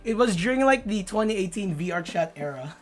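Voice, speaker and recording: A woman's voice: medium pitch, expressive, brisk. Playful swearing woman game streamer. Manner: playful, swears freely, lots of "like" fillers. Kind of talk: casual gaming stream commentary.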